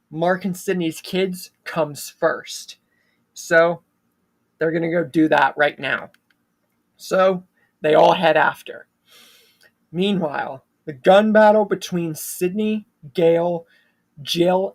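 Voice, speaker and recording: A channel host casually retelling a fan-made horror story, with loose fillers between plot beats. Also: medium pitch.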